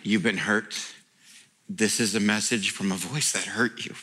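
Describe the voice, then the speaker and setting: A middle-aged male pastor preaching a sermon in an emphatic, animated way, breaking into laughing asides. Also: fairly low pitch, unhurried, breathy edge.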